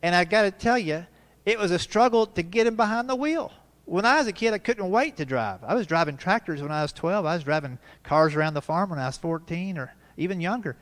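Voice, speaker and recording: A man's voice: sits high, expressive, a little fast, fairly bright tone. A man in his fifties performing a stand-up comedy set, telling folksy family stories with punchy asides at a live show in a church hall. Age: 50s.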